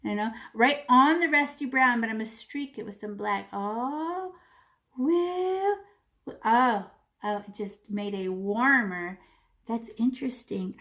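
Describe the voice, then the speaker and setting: Playful woman teaching kids to paint. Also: fairly high pitch. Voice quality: playful, animated, with sound effects. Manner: talks while painting, demonstrating step by step. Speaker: art teacher. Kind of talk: children's painting lesson.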